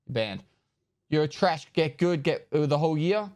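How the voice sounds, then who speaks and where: A man streaming live, casually chatting and rattling off viewer names and thanks in quick bursts, loose and joking with the odd swear, into a close desk microphone. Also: a little high, animated, darkish tone, no room sound. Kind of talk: casual live-stream chat, reading out subscriber thank-yous.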